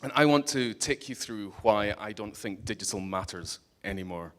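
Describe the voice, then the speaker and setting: A man's voice: fairly low pitch, animated, normal speed, a bit bright. A man with a Scottish accent giving a humorous conference talk, joking and teasing the audience bluntly. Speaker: conference speaker. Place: conference hall stage.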